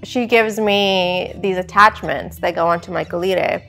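A woman's voice: lowish voice, moderate pace, gravelly, pushed and bright, soft background music. A woman in her twenties, a bride talking casually to the camera with a tearful, laughing manner. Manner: emotional, laughing, teary. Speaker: bride and vlogger. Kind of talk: casual vlog chat.

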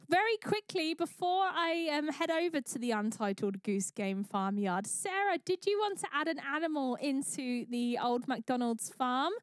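A woman's voice: high voice, lively intonation, moderate pace, hardly any pauses. A woman hosting a charity livestream, chatting bubbly and thanking viewers by name. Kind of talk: live-stream chat.

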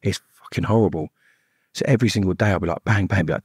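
Podcast guest: middle-aged man, low and husky, rapid rambling delivery, dry close sound. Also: no room sound. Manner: blunt, swearing, rambling with many "like"s. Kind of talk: casual storytelling.

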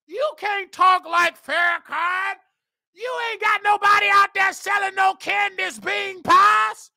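A woman hosting a talk show, delivering fiery, preachy commentary and often shouting. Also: extremely high pitch, takes it slowly, vocal fry, no echo. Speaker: host. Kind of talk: ranting commentary.

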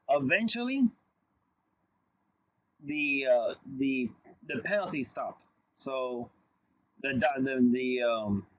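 Husky man giving a casual lecture. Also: on the high side, a bit bright, highs cut off. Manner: conversational, storytelling with asides and restarts.

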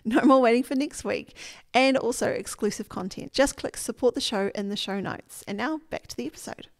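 A woman reading a scripted podcast promo in an upbeat way. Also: a little high.

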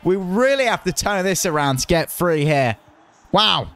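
A man from the United Kingdom, a gaming YouTuber, talking over his own football game, with loud excited bursts at near misses and quieter muttering while he plans. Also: a little high, moderate pace. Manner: chatty, muttering while planning. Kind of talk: live gameplay commentary.

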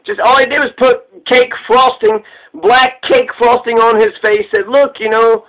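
High-voiced man on a tinny recording. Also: measured pace. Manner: rambling, profane, joking. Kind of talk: casual tribute commentary. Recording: tinny phone-like sound.

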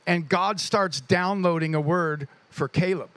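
A man pastor introducing a guest speaker to his church, telling a story with animated energy and praying over him. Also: high voice, a little slow, dry recording.

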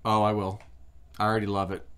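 A man's voice: lowish voice, flat delivery, fast talker, a bit bright, clean tone. A man hosting a snack-tasting livestream, rambling and reading product labels aloud in casual chat. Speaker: food review livestream host.

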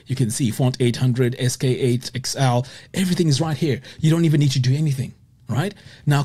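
Lively, husky man teaching web design. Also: medium pitch. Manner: explanatory, repeats "okay?" often. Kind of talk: screen-share software tutorial.

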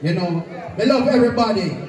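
A man's voice: high voice, a little fast. A man from Jamaica hosting a sound clash, chatting in patois. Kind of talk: hyped dancehall hosting. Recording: loud roomy live venue from a distance. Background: crowd and dancehall music.

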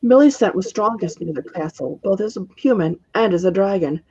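A woman author reading her own fantasy story aloud in a steady narrating voice. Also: medium pitch, fairly quick, breathy edge, highs cut off.

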